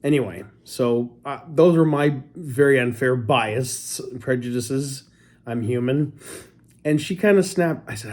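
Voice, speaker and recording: A talkative man from Canada chatting casually with his wife, quick to joke and poke fun at himself. His voice sits at an ordinary middle pitch, and he rambles from one story to the next. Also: a little mellow. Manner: chatty, joking, self-deprecating. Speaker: co-host. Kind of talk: casual couple chat.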